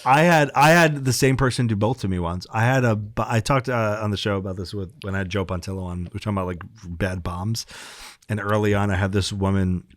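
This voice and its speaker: A man's voice: on the low side, a little fast, dry recording, clean studio sound. A man co-hosting a podcast, a stand-up comic telling candid, profane stories in casual chat.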